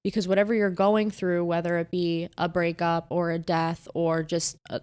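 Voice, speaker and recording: A woman's voice: fairly low pitch, normal speed, clean tone. A young woman co-hosting a podcast, talking candidly and acting out the people in her stories. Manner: candid, animated storyteller who acts out quoted people. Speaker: podcast co-host. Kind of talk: casual chat.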